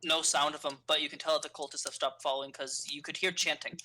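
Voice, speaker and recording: A woman's voice: low-pitched, little pitch movement, fast talker, pushed and bright, a little hiss or hum. A woman narrating as game master of a tabletop game, in loose, rambling talk with many restarts.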